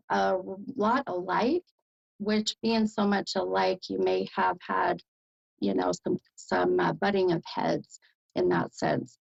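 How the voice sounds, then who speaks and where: A woman's voice: mid-range voice, creaky, muffled recording. An American woman hosting a psychic reading as a medium, speaking hesitantly with many fillers and bursts of delight.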